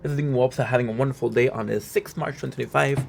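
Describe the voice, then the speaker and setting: A man's voice: mid-range voice, fairly even intonation, quick pace, vocal fry, slight background noise. A man streaming a game, playfully hyping up his viewers and rambling in a loose, upbeat way. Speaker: gaming streamer. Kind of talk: hyped live-stream intro and gameplay chat.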